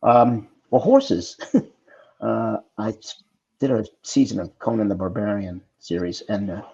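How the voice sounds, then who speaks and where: A middle-aged actor telling casual behind-the-scenes stories as a talk show guest, with animated storytelling. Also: male voice, fairly low pitch, measured pace, gravelly, breathy edge, muffled recording. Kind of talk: casual anecdotes on a video call talk show.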